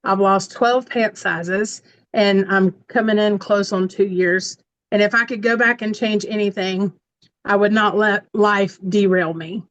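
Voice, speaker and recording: A woman's voice: medium pitch, steady tone, measured pace, dull audio. A woman in her forties giving a heartfelt personal testimonial to her community, earnest and encouraging. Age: 40s. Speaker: community member sharing testimonial.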